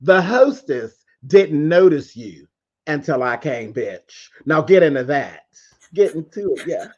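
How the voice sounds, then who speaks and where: A man's voice: a little high, very animated, a little slow. A man telling a profane gossip story in a brash, mocking way on a casual live-stream chat. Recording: dull lo-fi stream audio.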